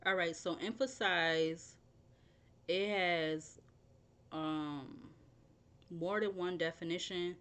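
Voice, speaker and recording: A young woman with a low, unhurried voice talks through a tarot reading in a loose, conversational way. She drifts into side stories and spells words out letter by letter as she thinks aloud. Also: fairly even intonation, a bit bright, smooth. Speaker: tarot reader.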